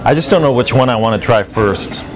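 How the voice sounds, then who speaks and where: A man's voice: medium pitch, expressive, a little fast, over music, rough recording. A man hosting a food show on location, tasting dishes and exclaiming over them with enthusiasm.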